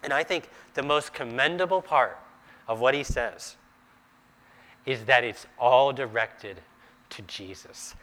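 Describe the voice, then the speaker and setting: Slow, bright-voiced preacher man. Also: mid-range voice. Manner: dramatizes quoted dialogue with rising intensity. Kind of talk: sermon.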